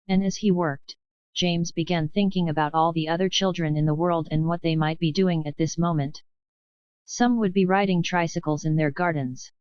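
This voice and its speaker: A woman narrating a children's audiobook in a measured, expressive reading. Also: lowish voice, smooth, no room sound, highs cut off. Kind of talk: scripted storybook narration.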